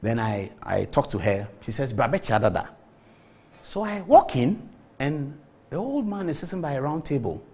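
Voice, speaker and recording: A man in his forties with a Ghanaian accent, telling an animated story on a TV talk show and mimicking the people he quotes. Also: mid-range voice, normal speed, slightly rough. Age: 40s.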